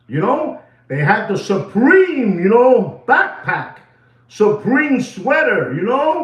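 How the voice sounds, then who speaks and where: A man's voice: high voice, a bit bright. A man hosting a watch market show, ranting heatedly and mixing English with Spanish slang. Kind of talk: ranting commentary. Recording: roomy, distant, dull sound.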